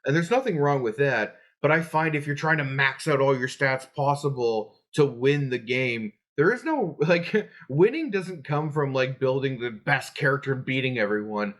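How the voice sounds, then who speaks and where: A young adult man talks casually to camera about playing tabletop games. He is earnest and chatty, often restarting sentences and filling pauses. His voice sits at an ordinary middle pitch for a man. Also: expressive, a bit bright. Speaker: tabletop game host giving player tips. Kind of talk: casual explanatory talk to camera.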